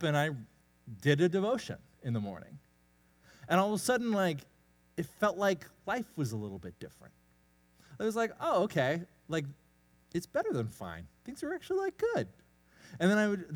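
A young man preaching a casual sermon, telling a personal story in a self-deprecating, animated way. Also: a little high. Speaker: pastor.

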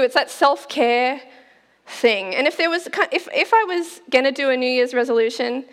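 A woman in her forties delivers a sermon in a chatty, playful way and laughs easily. Her voice sits high. The church hall around her leaves a long reverb. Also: fairly bright tone. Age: 40s. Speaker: pastor. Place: church auditorium.

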